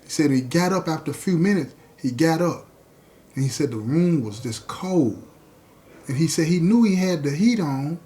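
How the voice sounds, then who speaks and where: Male podcast host, a touch high in pitch, tells a story with animated, chatty delivery. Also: moderate pace. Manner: animated, conversational retelling, addresses listeners directly.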